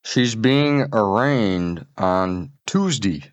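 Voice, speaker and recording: A man's voice: lowish voice, lively intonation, very slow, no room sound, highs cut off. A man hosting a comedy podcast, bantering crudely and rambling in casual chat. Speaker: podcast host.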